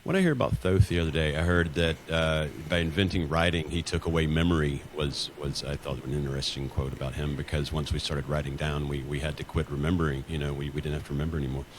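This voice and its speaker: A man, co-hosting a casual talk and musing in a slow, drawling, laid-back way. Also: extremely low pitch, fairly even intonation, a little hiss or hum. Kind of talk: casual conversation.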